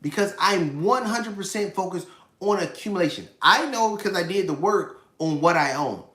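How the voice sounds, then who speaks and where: Male host in his 30s, emphatic casual livestream delivery, slightly high voice, roomy echo. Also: lively intonation, moderate pace, a bit bright. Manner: emphatic, repeats points, reads chat questions. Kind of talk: casual live finance stream.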